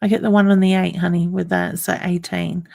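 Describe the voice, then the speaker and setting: A woman giving a psychic medium reading during a live online stream. Her voice sits fairly low and has a gravelly edge. She talks softly and reassuringly, calls people honey, and pauses on ums as she goes. The sound is close and dry. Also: little pitch movement, no echo. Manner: hesitant, with many ums and restarts.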